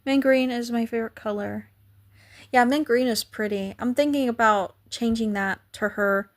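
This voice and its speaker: A woman's voice: on the high side, moderate pace. Chatty young woman livestreaming. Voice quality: voice cracks now and then. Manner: chatty, thanks viewers by name, coos at her cat. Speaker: livestream host. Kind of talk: casual livestream chat.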